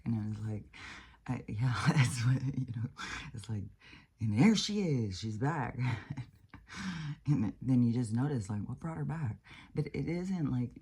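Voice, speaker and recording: A woman's voice: very deep voice, warm tone, husky. An older woman giving a rambling, reflective spiritual monologue in a casual way, with some swearing. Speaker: spiritual vlogger.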